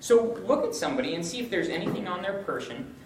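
A young man giving an informal, joking teaching talk to a college group, upbeat and animated. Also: sits high, fast, recorded from a distance. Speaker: campus ministry speaker. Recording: roomy, from the mic, faint hum.

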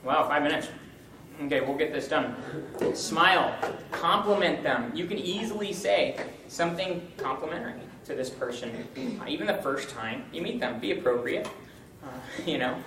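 A young man gives a lively, joking teaching talk to a college group. His voice sits a little high and comes from some distance off the mic. The room is echoey with a faint background hum. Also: normal speed. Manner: upbeat, joking, animated. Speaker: campus ministry speaker.

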